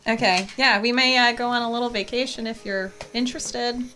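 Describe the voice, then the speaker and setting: A woman playing a character in a tabletop game, joking in animated, quick banter. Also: a little high, a little hiss or hum. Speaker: player.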